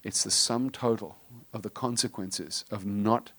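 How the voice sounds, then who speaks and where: A middle-aged man delivers a sermon, his voice sitting a little low. He mixes casual, joking asides with moments where he drops to a hushed, intense tone. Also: fairly even intonation, unhurried. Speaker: pastor.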